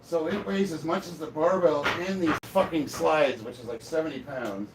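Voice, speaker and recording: A man's voice: on the high side, moderate pace, noisy background. Blunt middle-aged man rambling. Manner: rambling, thinks aloud, blunt with casual swearing. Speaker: strength athlete livestreaming his workout. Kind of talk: casual livestream chat. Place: home gym. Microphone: camera set up across the room.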